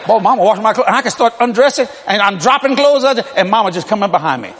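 Chuckling along as he tells folksy, funny stories, a man in his sixties preaches fast and with few pauses. His high, lively voice swoops all over. The sermon rings through a large hall with a long reverb tail and a faint crowd in the background.

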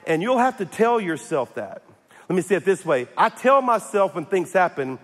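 Higher-voiced male pastor, casual and humorous sermon, often restarting, echo from the hall. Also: sing-song, moderate pace, fairly bright tone. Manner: humorous, repeats and restarts, calls for amens. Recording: echoey hall.

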